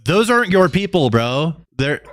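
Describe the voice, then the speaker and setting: A man's voice: fairly high pitch, big pitch swings, moderate pace, soft background music. A man hosting a live stream, giving a profane, sarcastic, exasperated commentary rant. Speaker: streamer host.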